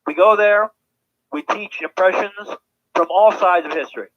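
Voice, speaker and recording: Male, chatty livestream guest, slightly high voice, lo-fi muffled call sound. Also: normal speed. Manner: chatty, stammers on restarts. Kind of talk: casual chat.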